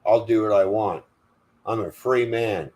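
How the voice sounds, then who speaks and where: A man's voice: on the low side, measured pace, darkish tone. An older man hosting a livestream, delivering an angry, profane, defiant rant. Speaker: livestream host.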